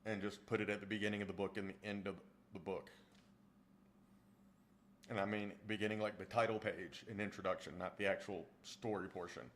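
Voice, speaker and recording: A man with a fairly low voice talks casually to viewers of a livestream. He rambles, doubles back on his words and restarts sentences as he answers the chat. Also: level tone, a little fast, fairly bright tone, a little hiss or hum. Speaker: streamer and audiobook narrator.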